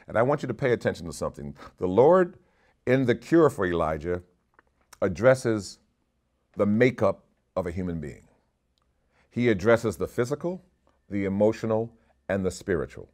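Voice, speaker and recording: Animated low-voiced male preacher. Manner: animated preaching, repeating short commands. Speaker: bishop. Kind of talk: sermon.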